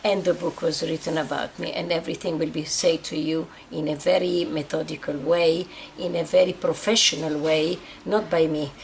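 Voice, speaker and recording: A woman's voice: deep voice, flat delivery, normal speed, gravelly, hardly any pauses. Old lady from egypt telling her story, emotional, repeats herself, bit of background hum. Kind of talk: personal testimony.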